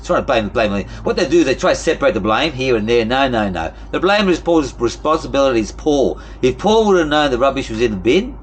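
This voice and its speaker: A man talking quickly in a loose, rambling vlog rant. He sounds fed up and swears freely, with a faint hum of ambient background behind him. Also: medium pitch, very animated. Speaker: vlogger. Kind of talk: casual venting monologue.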